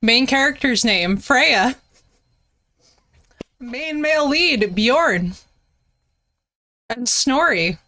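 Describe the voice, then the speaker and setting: A woman streamer telling a story in casual chat, animated and swearing, often laughing, with big jumps in her voice. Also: high-pitched, drawn-out words, long pauses.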